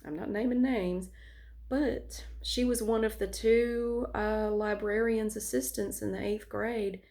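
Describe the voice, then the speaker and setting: A woman's voice: mid-range voice, steady tone, unhurried, mellow. A woman vlogger telling a personal story in a candid, frank way with casual swearing.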